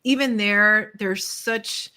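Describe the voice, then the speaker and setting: A middle-aged woman who owns a studio co-hosts a casual talk show podcast, speaking candidly and animatedly, swearing freely and laughing often. Her voice is medium-pitched, steady, bright, smooth, and forceful, and she talks slowly.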